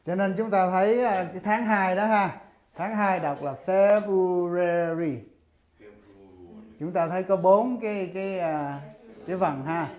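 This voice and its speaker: A man's voice: high voice, a little slow, a little mellow. Brief: Vietnamese-native male host, chatty, practices English words, laughs often. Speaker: host and interpreter. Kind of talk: casual lesson, explaining in Vietnamese.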